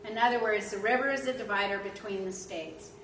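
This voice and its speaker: A woman telling a history story in a lively way, acting out the quotes and using lots of fillers. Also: mid-range voice, a little fast. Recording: echoey room, distant mic, faint noise.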